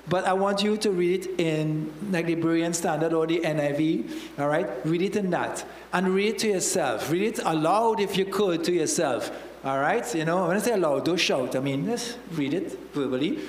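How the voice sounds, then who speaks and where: A man's voice: fairly high pitch, reverberant, long reverb tail, low-quality recording. A man with a Trinidadian accent, a church elder preaching a sermon in a conversational way, often checking in with "all right?".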